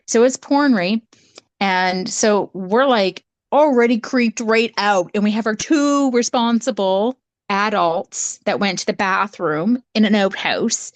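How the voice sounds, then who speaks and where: A Canadian woman tells a story in a lively, exclaiming way, her voice rising as the tension builds. She speaks at a middling pitch, and the sound is dry and close. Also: dry recording. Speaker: podcast co-host, psychic. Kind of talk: casual storytelling.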